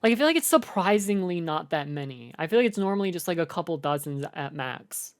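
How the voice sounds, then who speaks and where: A young woman reacts live on stream, rambling and chatty and full of fillers. Her voice is on the low side for a woman. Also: lively intonation, fairly quick.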